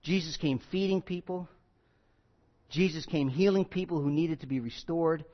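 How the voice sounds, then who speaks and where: High-voiced emphatic male pastor preaching. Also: moderate pace, highs cut off. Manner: emphatic, repeats key phrases, swings from loud to quiet. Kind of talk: sermon.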